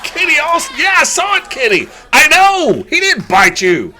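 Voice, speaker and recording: A man with a very high, piercing voice calls a wrestling match as live play-by-play. He is excitable and often breaks into shouts at the big moves, his pitch leaping around. A faint crowd murmurs behind him. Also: moderate pace, slight background noise. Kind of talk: live sports commentary.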